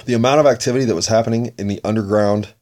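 Rambling, low-voiced man musing aloud. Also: fairly even intonation, racing, a little mellow. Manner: meandering, self-correcting, laughs at himself. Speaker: solo podcaster. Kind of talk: rambling personal monologue.

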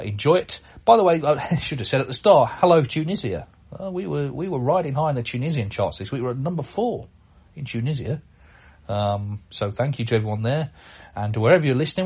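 Chatty man hosting a podcast, husky. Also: mid-range voice, darkish tone. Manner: chatty, rambling, with frequent restarts and dry humour. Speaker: podcast host. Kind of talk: casual podcast commentary.

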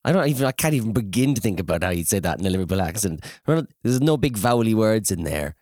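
A man's voice: on the low side, rapid-fire, no room sound, studio quality. An Irish man co-hosting a podcast, telling jokey stories in casual chat. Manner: animated, jokey storyteller. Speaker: podcast co-host.

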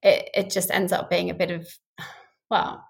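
Middle-aged woman, expert guest; creaky, candid, animated delivery. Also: on the low side, normal speed. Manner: candid, animated, laughs easily. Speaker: scientist guest. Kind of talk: casual explanatory conversation.

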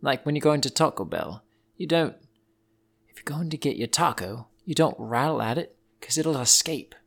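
A man hosting a children's podcast, telling silly animal facts in a playful, animated way and wandering off on tangents. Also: fairly high pitch, normal speed, gravelly. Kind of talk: playful storytelling for kids.

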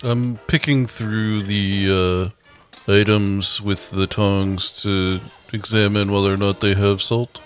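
A man playing in a tabletop game, describing his character in a slow, fussy way. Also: on the low side, level tone, faint music behind. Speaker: player.

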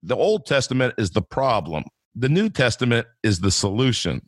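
A man's voice: medium pitch, very animated, normal speed, no echo, clean studio sound. A man imitating an older mentor's way of speaking as he recalls his advice. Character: elderly man giving wise advice.

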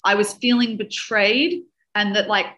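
A woman who works as a dating coach and speaker, telling a personal story with animated emotion and mixing in Hebrew and Yiddish words. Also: medium pitch, unhurried, low-quality recording. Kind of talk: personal storytelling in a podcast interview.

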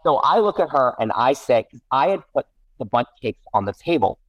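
A man's voice: mid-range voice, normal speed, no echo, dull audio. A middle-aged man, a guest parent, telling a casual story with many restarts and self-corrections. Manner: rambling, self-correcting, animated.

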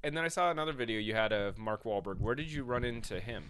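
A man's voice: fairly low pitch, expressive, fast talker, fairly bright tone, smooth, dry recording. A man co-hosting a podcast, chiming in with upbeat, eager remarks in casual chat. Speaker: podcast co-host.

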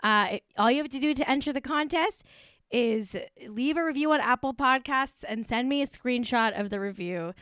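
High-voiced, swearing woman podcast host. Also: moderate pace, clear, resonant tone, dry recording, studio quality. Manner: profane, excitable, mock-outraged rants. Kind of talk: casual podcast chat.

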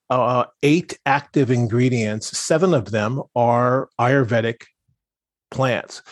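A man's voice: mid-range voice, husky, no room sound, clean studio sound. A man talking as a podcast guest in a casual, rambling way, with lots of restarts and fillers. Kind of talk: casual conversational interview.

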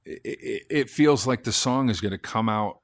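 A man's voice: on the low side, normal speed. A man from Sacramento, an actor guest on a podcast, telling stories animatedly with many restarts. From Sacramento, California. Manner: animated storyteller, frequent restarts, does voices. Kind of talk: casual podcast interview.

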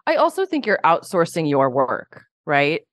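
A woman's voice: low voice, huge pitch swings, normal speed, no echo, studio quality. A woman coach as a podcast guest, explaining her points in a plain, thoughtful way. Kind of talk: casual conversational interview.

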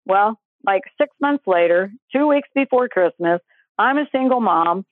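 A woman tells a personal faith story in a relaxed, animated way, slipping into the voices of the people in it. Her voice arrives over a thin, phone-like line with no room sound at all. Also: medium pitch, normal speed, no room sound. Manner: animated, acts out quoted voices. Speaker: guest storyteller. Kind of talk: casual testimony storytelling. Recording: tinny phone line, dry.

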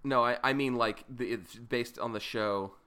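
A man's voice: mid-range voice, moderate pace, pushed and bright, clear, resonant tone. A man co-hosting a podcast, trading loose, joking banter. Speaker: podcast co-host. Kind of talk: casual banter.

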